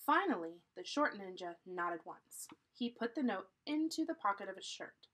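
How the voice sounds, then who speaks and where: A woman reading a children's chapter book aloud in a deliberate, teacherly way, pausing to explain. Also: medium pitch, very animated, fairly bright tone, low-quality recording. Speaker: storybook reader.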